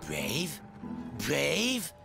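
A man's voice: on the high side, huge pitch swings, drawn-out words, gravelly, music in the background, exaggerated voice. A man voicing a fussy, rude, timid hermit crab in a video game, scolding in huffy quips. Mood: nervous.

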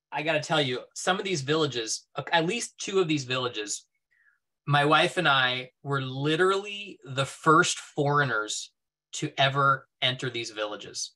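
A man with a bright, forceful voice tells stories to an audience with plenty of enthusiasm. He talks loosely and casually, leaning on "like" and "you know." He sounds like he is on a video call. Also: medium pitch, animated, slow pace. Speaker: guest speaker. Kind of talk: casual presentation talk.

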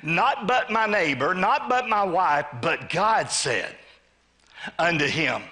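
A pastor delivers a sermon in a church sanctuary, taking it slowly in a fairly high, sing-song voice that sounds pushed and bright. Using call-and-response, he has the congregation say amen while voicing both a greedy man and God.

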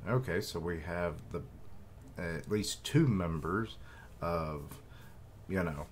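A man's voice: sits low, slow pace, long pauses, slight background noise. A man streaming a live reaction, reading and commenting casually with many hesitations. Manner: hesitant, with fillers and asides.

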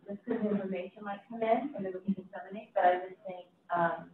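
A woman's voice: medium pitch, steady tone, a little fast, a little hiss or hum. Insistent woman far off in a hall. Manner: repetitive and insistent. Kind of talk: community meeting discussion. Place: city meeting room. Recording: echoey hall, far from mic, phone-like.

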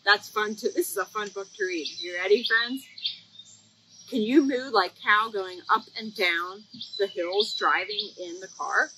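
A woman's voice: medium pitch, measured pace, background noise. A woman hosting a children's library storytime, playful and sing-song as she reads aloud and leads rhymes.

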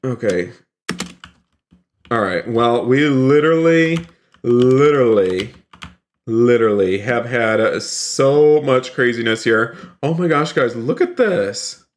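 A man streaming a role-play game live, excitable, talking to his chat and repeating himself. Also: medium pitch, slow pace. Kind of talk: live gameplay commentary.

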